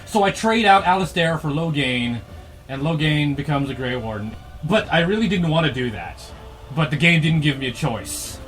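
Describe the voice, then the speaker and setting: A man's voice: on the high side, animated, normal speed, a bit bright, soft background music. A man telling a comic plot recap of a video game, swearing, laughing and acting out the characters' lines. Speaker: comedy host recapping a game.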